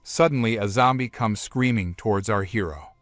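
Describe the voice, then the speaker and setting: A man narrating a comic story recap, retelling events one after another with "and then" in a plain, steady way. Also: on the low side, moderate pace, no room sound.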